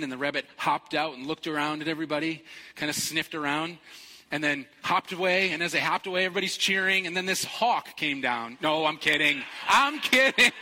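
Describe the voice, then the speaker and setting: A middle-aged pastor telling a story in a relaxed sermon, joking and putting on squeaky excited voices. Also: male voice. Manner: playful, animated storytelling with jokes and high-pitched quoted voices. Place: large church hall. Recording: long hall reverb.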